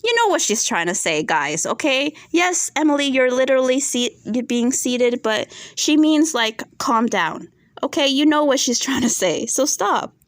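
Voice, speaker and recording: A woman's voice: high-pitched, animated, moderate pace, dry recording, studio quality. A woman giving casual, opinionated commentary on a reality TV show, often checking in with her viewers. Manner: chatty, opinionated, asks "right?" often. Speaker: reality TV reviewer.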